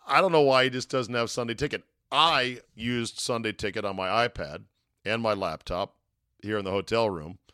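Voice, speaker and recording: A man's voice: mid-range voice, sharp tone, no echo. A man with a mid-range voice talks through sports and media gripes in a loose, rambling monologue. He is wry and digressive, and he chuckles at his own asides. The sound is close and dry, with no room around it. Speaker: sports talk podcast host. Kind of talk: casual sports talk monologue.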